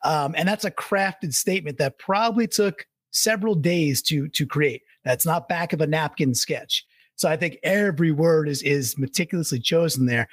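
A man's voice: fairly high pitch, normal speed, no room sound. A man co-hosting a casual sports talk show, rambling and laughing as he talks. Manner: rambling, restarts, laughs while talking. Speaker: sports podcast co-host.

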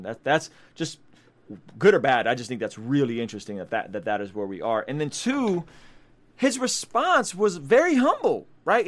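A young man giving casual video commentary as a Christian commentator, emphatic, repeating himself and often asking "right?". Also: fairly low pitch.

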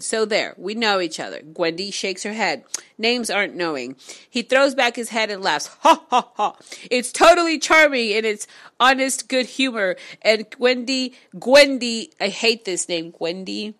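A woman reading a novel aloud on camera, breaking off into excitable, swearing reactions. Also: mid-range voice. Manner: animated, swearing, excitable asides. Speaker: book reader vlogger. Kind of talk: casual read-aloud with reactions.

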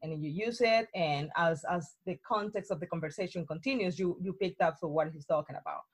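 A young woman from Colombia with a Colombian Spanish accent, a native Spanish speaker, chatting casually as a guest and telling stories in an outgoing, animated way with frequent laughter. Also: lowish voice, a little fast, husky. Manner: outgoing, animated storyteller who laughs often. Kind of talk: casual conversation.

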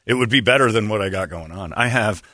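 A man's voice: fairly low pitch, fast talker, bright, forceful tone, no echo, clean studio sound. A man hosting a casual morning radio show, telling rambling, self-deprecating stories and mimicking the people in them.

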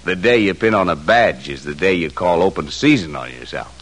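A man's voice: sits low, expressive, a little fast, a bit bright, rough recording. An actor in an old radio drama playing a menacing cowboy gunman who talks in a sneering, threatening drawl. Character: menacing bully gunman cowboy, adult man. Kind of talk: 1950s radio drama acting. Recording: old radio broadcast with faint noise.

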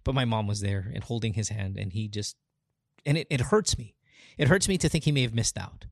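Podcast host, man, gravelly, dry close sound, earnest and rambling. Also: fairly low pitch, a little fast, no room sound. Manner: rambling, restarts often, earnest. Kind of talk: casual heartfelt conversation.

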